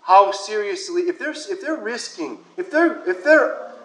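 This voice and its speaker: A male priest giving a sermon, telling a personal story in a conversational way, with soft whispered asides. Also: high voice, expressive, a little slow, echoey room, low-quality recording.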